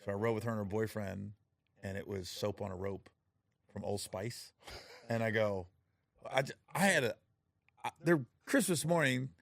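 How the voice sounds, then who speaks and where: A middle-aged man with a gravelly, creaky voice tells stories in relaxed conversation and slips into the voices of the people he quotes. The sound is dry and close, with no room around it. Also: normal speed, pauses often, dry recording. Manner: storytelling, acts out quotes with rising pitch and laughter. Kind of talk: casual chat.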